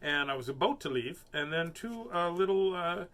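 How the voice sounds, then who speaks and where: A man with a bright, forceful voice sitting a little higher than most, chatting in a silly, rambling way. He then reads picture books aloud as host of a children's story show. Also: animated, normal speed. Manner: playful and silly, rambling asides. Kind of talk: casual chat and picture book reading.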